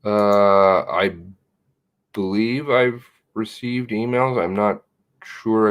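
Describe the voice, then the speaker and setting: A man's voice: lowish voice, fairly even intonation, very slow, clean tone. A man hosting a live stream, chatting in a rambling way and reading viewers' comments and emails aloud, with blunt, casual swearing. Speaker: livestream host.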